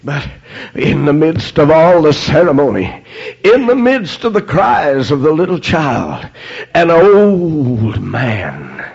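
A man's voice: a little high, very animated, slow pace, vocal fry, a little mellow, slightly rough. A man preaching a fervent sermon, dotting his lines with amens and praise God, in a dull lo-fi recording.

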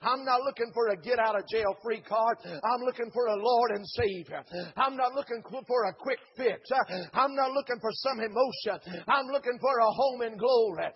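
A man preaching a Pentecostal sermon in a church, chanting and shouting his lines with rhythmic "uh" breaks. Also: extremely high pitch, moderate pace, highs cut off. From Dayton, Ohio.

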